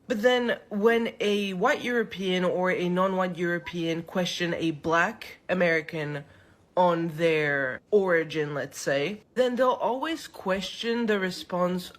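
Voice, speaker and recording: A narrator in a played clip, reading a scripted commentary. The delivery is measured and explanatory, in a plain middle register. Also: mid-range voice.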